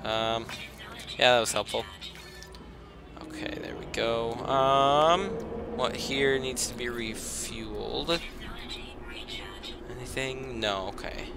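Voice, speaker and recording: A man giving casual let's play commentary, breaking into excited outbursts and complaints, then muttering to himself while sorting gear. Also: medium pitch, vocal fry. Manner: self-talk, mutters and trails off while managing inventory. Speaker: gaming commentator. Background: game music.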